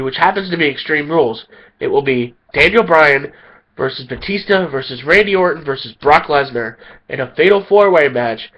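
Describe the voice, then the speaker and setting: A man rants with heated indignation, sounding tired and a bit sick. His voice sits fairly high for a man. The recording is dull and lo-fi. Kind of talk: angry opinion rant.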